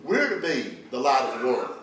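Picked up by a distant mic in an echoey church hall, a man delivers a fervent sermon at a moderate pace. His medium-pitched voice is very animated and a bit bright, and he calls for the congregation's responses as they answer amen amid slight background noise.

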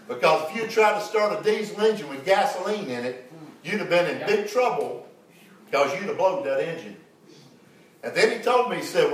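A man's voice: sits high, lively intonation, normal speed, slight background noise. A man preaching a sermon, calling on the congregation to repeat after him and telling folksy stories. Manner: preaching with call-and-response, folksy storytelling. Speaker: pastor. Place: church sanctuary. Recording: very echoey church, mic far off.

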